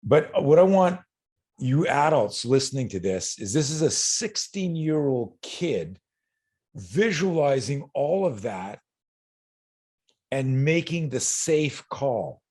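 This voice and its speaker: Very animated yet slow, a medium-pitched male voice, a little mellow and slightly rough, shares a candid story in an interview. He's a middle-aged self-defense instructor guesting on a podcast, earnest and blunt, swearing freely and stumbling on repeated words.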